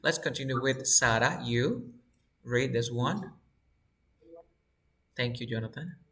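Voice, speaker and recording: A man's voice: mid-range voice, slow pace, a bit bright. A man teaching an online English class, patiently drilling students and repeating words to show their stress.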